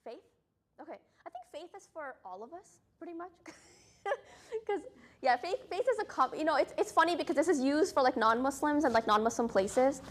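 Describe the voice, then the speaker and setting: High-voiced chatty woman teaching a class. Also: lively intonation, moderate pace. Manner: chatty, many fillers and rhetorical "right?". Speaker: Islamic studies teacher. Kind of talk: casual classroom storytelling.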